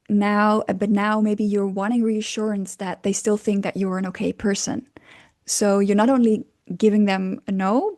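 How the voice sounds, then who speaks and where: A woman's voice: mid-range voice, dark tone. A woman coaching on communication, explaining casually with fillers, hesitations and frequent little laughs.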